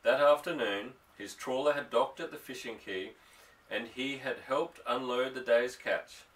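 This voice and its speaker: A man narrating an audiobook, telling the story in a steady way. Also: medium pitch, unhurried. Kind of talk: scripted narration. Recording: distant mic.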